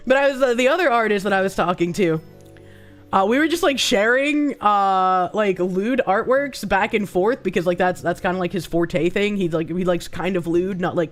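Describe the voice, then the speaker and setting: A woman with a hoarse, sick-sounding voice, chatting casually on a live stream as she reads donations, rambling and swearing freely. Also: fairly low pitch. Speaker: streamer reading chat and donations.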